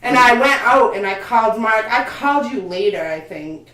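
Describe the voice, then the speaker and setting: A young woman co-hosting a casual chat show, telling stories with lively acted-out quotes and plenty of swearing. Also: on the high side, normal speed, recorded from a distance. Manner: animated storyteller, acts out quotes, swears freely. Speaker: podcast co-host. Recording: roomy, from the mic.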